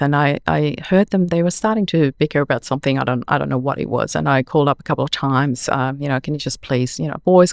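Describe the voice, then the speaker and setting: A woman's voice: sits low, creaky, dry recording, studio quality. A woman in her forties, a podcast guest earnestly recounting a personal story with many "you know"s.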